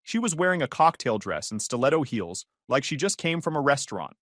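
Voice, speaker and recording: A man tells his own story with dry, sardonic timing. His voice ranges widely in pitch at a middle register. It sounds close to the mic in a dead, dry space. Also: big pitch swings, brisk, a bit bright, dry recording. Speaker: narrator. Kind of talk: first-person story narration.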